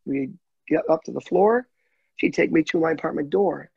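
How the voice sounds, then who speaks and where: A man's voice: a little high, moderate pace, creaky, a little mellow, slightly rough, no echo, highs cut off. A man telling his story in an interview, heartfelt and candid, choking up at times. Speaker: guide dog client telling his story.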